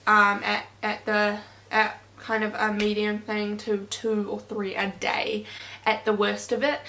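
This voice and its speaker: A young woman talks through a personal story for her vlog. She is hesitant and rambling, with many fillers and restarts, and her voice sits at a middle pitch. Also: fairly bright tone, low-quality recording. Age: young adult. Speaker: vlogger.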